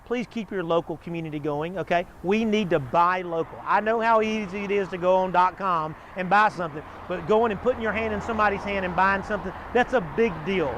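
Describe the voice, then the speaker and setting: High-voiced folksy man. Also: fairly quick, few pauses, a bit bright, slight background noise. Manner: chatty, earnest, stumbles over scripted ad lines. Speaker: store spokesman hosting a showcase show. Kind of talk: casual folksy pitch to viewers.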